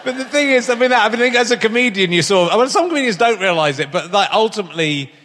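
A man, a comedian hosting a live stage interview, teasing his guest with quick comic retorts. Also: sits high, lively intonation, fairly bright tone. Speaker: comedian host. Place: large concert hall with live audience. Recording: reverberant live hall.

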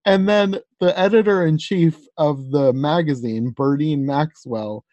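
A woman's voice: sits low, measured pace, mellow, dry recording, lo-fi sound. Chatty young woman with a dry sound. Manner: chatty, rambling, frequent "like" and laughs. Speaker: podcast co-host. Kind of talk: casual chat reviewing a movie.

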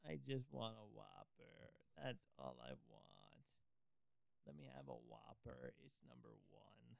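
A man's voice: huge pitch swings, measured pace, vocal fry, no room sound, exaggerated voice. A man doing a whining, pleading burger customer. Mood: whiny pleading. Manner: repetitive pleading, pitch jumping around. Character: whiny male customer obsessed with a burger.

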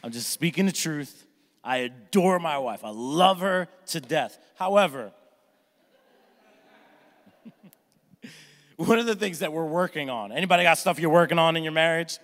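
Animated pastor preaching in a reverberant hall. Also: male voice, a little high, moderate pace, long pauses. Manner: energetic, jokey, acts out family members with shouts. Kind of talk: sermon. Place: church sanctuary with congregation.

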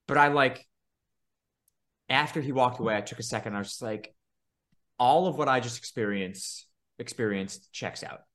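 Bright-voiced man telling a story. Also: medium pitch, moderate pace, pauses often. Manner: animated storytelling, swears freely, laughs often. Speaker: podcast co-host. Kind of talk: casual chat.

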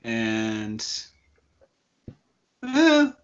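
A man's voice: medium pitch, huge pitch swings, extremely slow, dull audio. A man playing a tabletop game, chatting casually and joking. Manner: casual, joking, laughs easily. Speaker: player.

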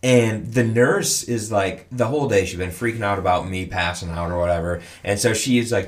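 A man's voice: mid-range voice, a little slow. A man, a new father, chatting casually and telling stories animatedly, swearing now and then. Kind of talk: casual chat, storytelling.

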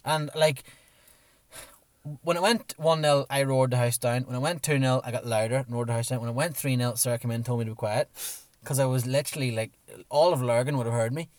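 A man co-hosting a casual football chat, excitable and slightly hoarse, acting out his own shouts as he tells a story. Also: medium pitch, a little fast, no room sound. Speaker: podcast co-host.

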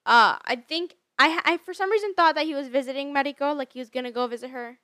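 A woman's voice: high-pitched, fast, bright, forceful tone, dry recording. A woman in casual chat, filling in plot details of a movie as she talks it over with a friend. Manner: chatty, fills in plot details. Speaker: movie recap co-host.

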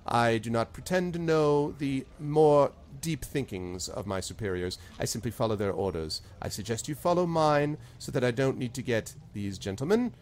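A man's voice: medium pitch, normal speed, hardly any pauses, darkish tone, lightly acted. Man voicing a sniffy officer, stiff and formal, looks down on everyone, fantasy tabletop game. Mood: condescending. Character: haughty, condescending male escort officer.

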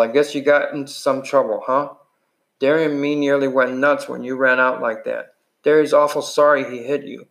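A worried older brother's homespun letter, read aloud plainly and quietly by a man. The voice stays close to an everyday middle-pitched man's voice. It sounds like a storybook reading rather than acting. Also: vocal fry, natural voice, poor audio.

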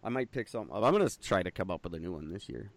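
Animated, swearing man co-hosting. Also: sits low, racing, dry recording. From Canada. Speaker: podcast co-host. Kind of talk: crude casual banter.

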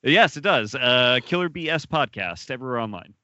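A man hosting a podcast in casual chat, upbeat and quick to agree. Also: mid-range voice, expressive, sharp tone, dry recording. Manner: upbeat, brief agreeing replies. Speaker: podcast host. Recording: dull lo-fi dry sound.

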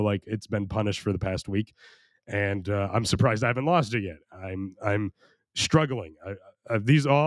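Young American man with a low, tired, strained voice for a solo podcast, rambling and self-mocking, recorded close and dry. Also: no echo. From United States. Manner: rambling, crude, self-mocking, frequent restarts. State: strained, worn voice. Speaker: podcast host.

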